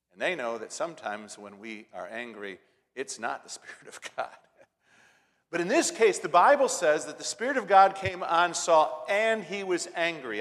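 A man preaching a sermon, telling a story and driving points home with repeated lines, loud stresses and soft asides. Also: a little high. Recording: long hall reverb.

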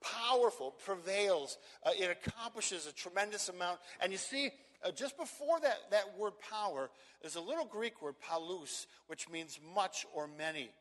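Guy preaching, kinda high voice, leans hard on words and repeats himself, big echoey church. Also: lively intonation, a bit bright. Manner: emphatic, repeats words, slows down to stress phrases. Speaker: pastor. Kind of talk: expository sermon.

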